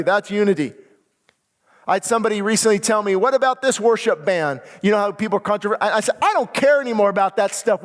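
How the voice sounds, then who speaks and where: An American pastor preaches with urgent, emphatic conviction, his voice sitting high for a man. The sermon rings with a long reverb, as if from a church hall. He presses his points hard and builds toward pleading prayer. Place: church sanctuary.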